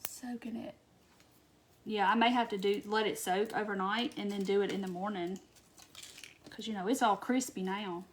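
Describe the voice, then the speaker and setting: A woman from Wisconsin hosting a casual live-stream craft tutorial, chatting to viewers, answering their comments and muttering soft asides to herself as she works. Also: medium pitch, fairly even intonation, moderate pace, slight background noise.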